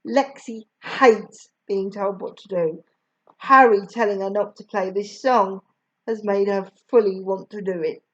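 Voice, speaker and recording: A woman reading a children's novel aloud in an expressive way, on a slightly dull recording. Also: medium pitch, unhurried. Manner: expressive, lively. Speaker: storybook reader.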